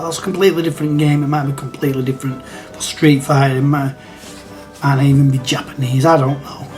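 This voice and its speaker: A man hosts a retro gaming channel and talks casually to camera, rambling and hesitant, with many restarts and chuckles. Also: fairly high pitch.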